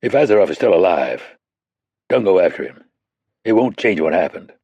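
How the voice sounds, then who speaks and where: A man's voice: deep voice, big pitch swings, normal speed, vocal fry, mellow, husky, no room sound, dull audio, exaggerated voice. A man voicing a recovering wounded male special-ops soldier who talks in blunt, joking banter. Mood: earnest.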